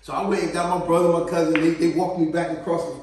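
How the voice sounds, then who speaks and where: A man telling a childhood story in an animated, slangy way, laughing often, recorded in a very echoey room away from the mic. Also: on the high side, fast talker, far from the mic, a little hiss or hum. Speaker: vlogger.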